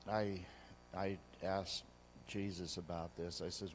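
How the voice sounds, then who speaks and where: Deep-voiced man, slow, hesitant testimony. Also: level tone, slight background noise. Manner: slow, reluctant, hesitant with fillers. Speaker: husband sharing a testimony. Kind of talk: personal testimony in a church talk.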